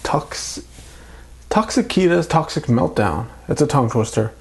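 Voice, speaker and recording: A man casually narrating a toy unboxing and build, calmly explaining each step. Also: mid-range voice, a little slow, vocal fry. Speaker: toy reviewer.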